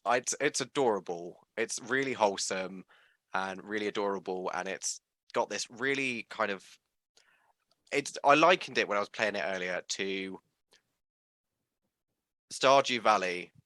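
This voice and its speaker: A man hosting an interview, gushing and animated, with many fillers. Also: lowish voice, no echo. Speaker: interview host. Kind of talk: enthusiastic casual interview.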